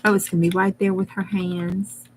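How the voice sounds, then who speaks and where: A woman's voice: medium pitch, little pitch movement, moderate pace, heavy background noise. Folksy woman crafting live. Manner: rambling, folksy, talks to the chat as she works. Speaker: crafting livestream host. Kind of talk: casual chat while crafting.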